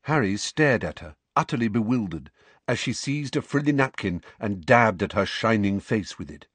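A man narrating a novel aloud with expressive storytelling. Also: lowish voice, moderate pace, slightly rough, no room sound. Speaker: audiobook narrator. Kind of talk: scripted narration.

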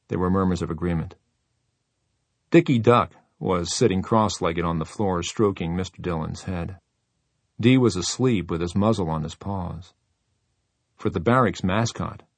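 A man reading a novel aloud as an audiobook narrator, steady and even. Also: deep voice, unhurried, vocal fry, breathy edge, no echo. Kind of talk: scripted narration.

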